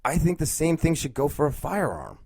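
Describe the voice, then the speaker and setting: A man's voice: on the high side, wildly swooping pitch, a little fast, creaky, a little mellow, breathy edge, dry recording. A man hosting his own podcast, thinking aloud in casual talk, rambling with fillers and restarts. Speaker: podcast host.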